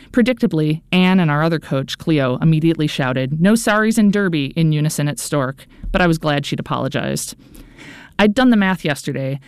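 A woman's voice: deep voice, a little mellow, clear, resonant tone, dry recording, studio quality. A woman narrating a first-person audiobook in an earnest, anxious inner-monologue manner.

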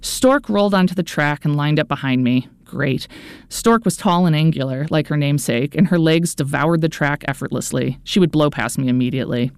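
A woman's voice: sits low, vocal fry, smooth, no echo. A woman narrating a first-person audiobook in an earnest, anxious inner-monologue manner.

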